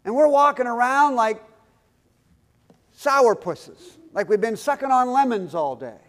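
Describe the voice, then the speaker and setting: A man with a high voice preaching from a church pulpit. He drives his points home emphatically and keeps tossing questions out to the congregation as he preaches. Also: lively intonation, unhurried, fairly bright tone. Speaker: pastor. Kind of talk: sermon.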